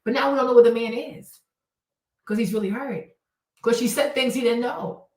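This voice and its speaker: A woman's voice: fairly high pitch, steady tone, moderate pace, a little mellow, recorded from a distance. A woman host giving casual, blunt advice in an emphatic monologue, repeating her points and swearing freely. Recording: roomy sound from off-mic.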